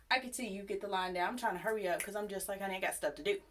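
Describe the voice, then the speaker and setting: A young woman telling a personal story to her viewers in a chatty, animated, sassy way. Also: medium pitch, very fast, hardly any pauses, a little hiss or hum. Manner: chatty, animated, sassy retelling with acted quotes. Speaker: YouTube storyteller. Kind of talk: casual storytime vlog.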